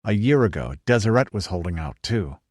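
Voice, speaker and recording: A man's voice: on the low side, big pitch swings, brisk, a little mellow, dry recording, clean studio sound. A man doing a blunt, wary big easterner. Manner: blunt, cautious. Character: big wary male traveler from the East.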